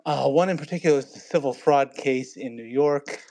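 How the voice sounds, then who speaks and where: A man's voice: medium pitch, moderate pace, dark tone, no echo. A man taking part in a casual group conversation, speaking hesitantly with many fillers and restarts.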